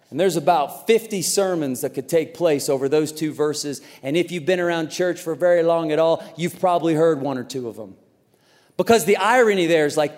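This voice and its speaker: Animated high-voiced male pastor preaching. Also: big-room sound. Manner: animated, jumps between soft asides and loud acted-out quotes. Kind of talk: sermon.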